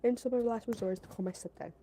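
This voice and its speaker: A woman's voice: a little high, rapid-fire, mellow, a little hiss or hum, rough recording. A woman casually telling a story to her stream chat, rambling, repeating herself and padding her talk with fillers. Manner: talks to her chat between story parts.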